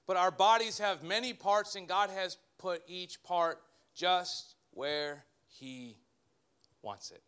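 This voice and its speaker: A man, a pastor, preaching a sermon in an animated way with joking asides to his congregation. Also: sits high, slow pace, smooth.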